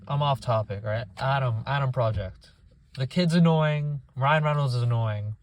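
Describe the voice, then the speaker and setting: A man's voice: mid-range voice, a little hiss or hum. A young man giving a profane, exasperated movie review rant, often mocking people in put-on voices.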